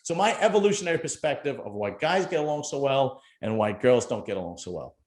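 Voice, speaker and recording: A man's voice: medium pitch, lively intonation, a little fast, darkish tone. A middle-aged man, hosting a casual chat and telling a rambling, joking story. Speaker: podcast host.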